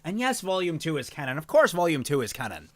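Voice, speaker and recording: Animated man reading a story aloud. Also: on the high side, fast talker, no room sound. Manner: animated reading, frequent fillers and restarts. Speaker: reader and streamer. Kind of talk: reading a fan novel aloud with commentary.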